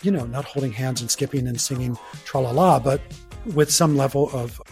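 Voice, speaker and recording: A man's voice: medium pitch, steady tone, normal speed, vocal fry, darkish tone, soft background music. A man being interviewed, speaking thoughtfully and searching for his words. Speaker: interview guest. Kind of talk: reflective interview talk.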